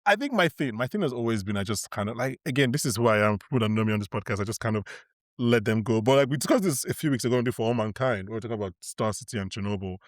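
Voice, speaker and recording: A man hosting a podcast, chatting casually about films in a rapid, animated way and laughing often. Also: mid-range voice, no room sound, clean studio sound. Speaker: podcast host. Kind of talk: casual film chat.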